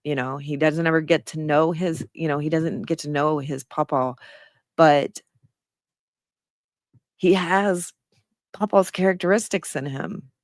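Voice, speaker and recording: A woman's voice: sits low, fairly even intonation, a little slow, long pauses, no echo, clean studio sound. Blunt, sarcastic middle-aged woman commentator. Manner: blunt, sarcastic, swears freely. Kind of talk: casual commentary reading an article.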